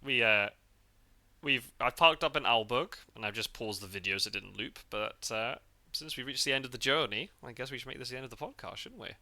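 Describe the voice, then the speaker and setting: A man from the UK hosting a podcast in a relaxed, rambling chat, full of fillers and restarts. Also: mid-range voice, brisk, vocal fry. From United Kingdom. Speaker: podcast host. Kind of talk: casual chat. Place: parked car.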